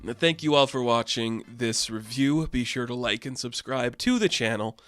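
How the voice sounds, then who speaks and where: Guy doing a chatty comic review, mid pitch, lil music under it. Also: lively intonation, normal speed, a bit bright. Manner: chatty, enthusiastic, says "like" often. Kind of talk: casual video review.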